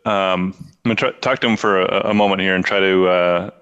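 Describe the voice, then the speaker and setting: A man's voice: sits low, fairly even intonation, fairly quick, a bit bright, smooth, dull audio. A man playing a tabletop game, easygoing and thinking aloud about the rules. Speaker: player.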